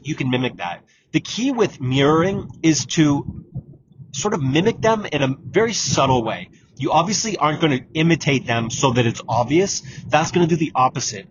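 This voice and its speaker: A man hosts a solo podcast and coaches listeners in a direct way, repeating his key points. His voice sits a little high. The audio is dull and lo-fi, with steady noise underneath. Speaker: exam prep podcast host. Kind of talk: solo podcast advice talk.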